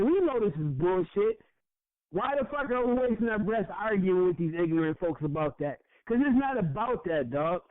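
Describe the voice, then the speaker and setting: Young male podcast co-host, high-pitched and heated, profane, repeats himself. Tinny phone-like audio. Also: dry recording. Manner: heated, profane, repeats words when worked up. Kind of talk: impassioned casual podcast rant.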